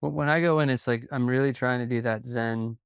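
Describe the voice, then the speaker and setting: A man who coaches in sales, a guest on a podcast, talking calmly and steadily as he tells stories. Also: medium pitch, creaky, clear, resonant tone, no echo, clean studio sound. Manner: calm, even delivery with quick bursts of storytelling. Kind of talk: conversational interview.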